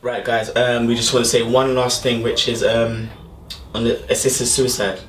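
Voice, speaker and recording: A man's voice: medium pitch, little pitch movement, normal speed, fairly bright tone, roomy sound, distant mic, a little hiss or hum. A man hosting a casual interview, prompting his guest to tell a story. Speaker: host.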